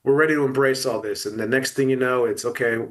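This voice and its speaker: A man's voice: mid-range voice, fairly bright tone. A middle-aged man talking about loss in an emotional podcast conversation, full of restarts and fillers. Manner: halting, many restarts and fillers. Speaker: guest.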